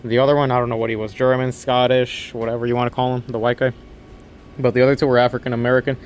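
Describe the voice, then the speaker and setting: Young male vlogger recounting an overnight shift story in a loose, rambling way, mid-pitched voice, with faint background hum. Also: flat delivery, fast talker. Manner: rambling retelling, quoting others, restarting sentences, laughing. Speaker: vlogger and overnight convenience store clerk. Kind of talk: casual storytelling to camera.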